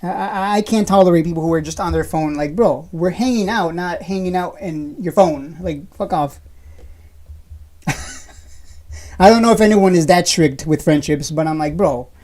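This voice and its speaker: Here a thirties-aged livestream host reads her chat aloud, ribbing viewers through crude, playful rants. She speaks at a normal speed in a mellow, lowish voice, breaking into laughter between lines.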